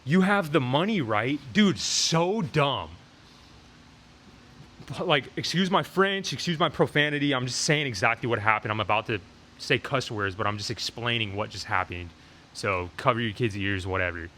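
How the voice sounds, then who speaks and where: A young adult man vlogging a storytime through a lapel mic on his shirt, retelling a tense encounter in an animated way, full of fillers like "like" and "dude.". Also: mid-range voice, moderate pace, a little hiss or hum.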